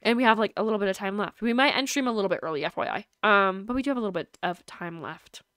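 A woman's voice: mid-range voice, fast talker, clean tone, dry recording. A young woman streaming a game, chatting casually and giggling, with lots of "like" fillers, on a USB microphone at home. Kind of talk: casual stream chat while gaming. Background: soft lofi music.

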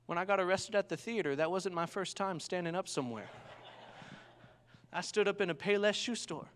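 Young preacher man with a high voice in a reverberant church hall. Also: brisk, slight background noise. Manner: animated storytelling, calls for amen. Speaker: pastor. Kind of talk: sermon.

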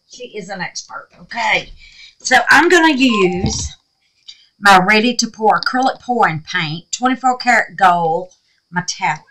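A middle-aged woman hosting a crafting video, talking casually and excitably with many exclamations. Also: on the high side, a little hiss or hum, low-quality recording. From Southern United States. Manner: chatty, excitable, frequent exclamations. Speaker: resin craft video host. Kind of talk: casual crafting demo talk.

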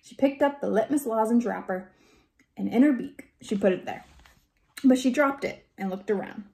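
A woman reading a children's chapter book aloud in gentle, steady first-person narration. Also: fairly high pitch, moderate pace, creaky. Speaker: reader.

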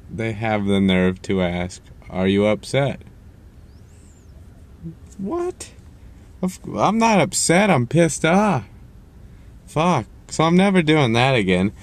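A man's voice: mid-range voice, expressive, slow pace, pauses often. A young man ranting casually to camera, rambling and cursing as he jumps around in his story. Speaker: vlogger.

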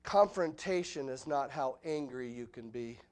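A middle-aged man preaching an expository sermon in a church, animated, with the voice leaping up when acting out quotes. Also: mid-range voice, unhurried. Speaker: pastor. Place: church sanctuary.

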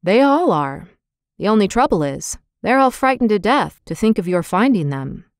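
Brief: woman voicing calm kind doctor, quiet and brief, storybook reading. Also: medium pitch, normal speed, dry recording, studio quality.

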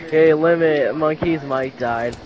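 A man's voice: a little high, takes it slowly, lo-fi sound, very noisy. A young man chatting with friends over a game, joking and swearing as he teases them. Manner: joking, crude, teasing. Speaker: teammate. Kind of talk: casual party chat while gaming.

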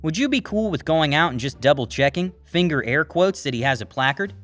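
Low-key young clerk, read by a male narrator, soft and dry. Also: lively intonation, brisk, no echo. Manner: quiet, dry, matter-of-fact.

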